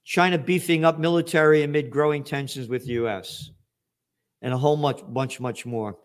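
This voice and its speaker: A man's voice: on the high side, steady tone, normal speed. Blunt profane older New man. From New York, USA. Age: 70s. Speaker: host. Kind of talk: ranting commentary.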